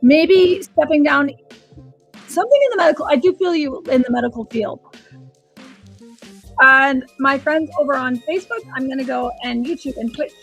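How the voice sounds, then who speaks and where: High, gravelly woman psychic host. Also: normal speed, pauses often, a bit bright, faint music behind. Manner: chatty, rambling, restarts sentences. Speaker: psychic and animal communicator host. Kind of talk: live-stream reading session.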